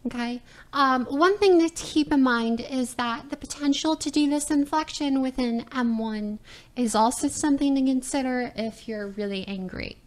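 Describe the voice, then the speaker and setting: A woman's voice: sits high, normal speed. A woman voice teacher giving a recorded lecture presentation, explaining step by step and checking in with "all right" and "right?".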